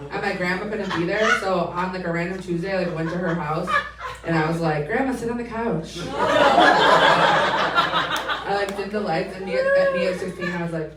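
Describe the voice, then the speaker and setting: A woman in her twenties performing a stand-up comedy set, telling stories in an animated way and acting out the voices of the people in them. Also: on the low side, fast talker, heavy background noise. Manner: animated storytelling that acts out quoted voices, laughing between lines. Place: comedy club stage. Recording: roomy live club sound, mic at a distance, loud audience.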